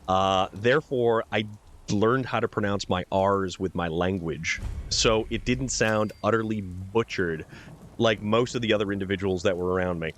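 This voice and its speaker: A man's voice: lowish voice, a bit bright. Male streamer, laid-back and chatty, everyday voice, live gameplay commentary. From New Hampshire. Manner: casual, chatty, says "dude" often. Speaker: game streamer.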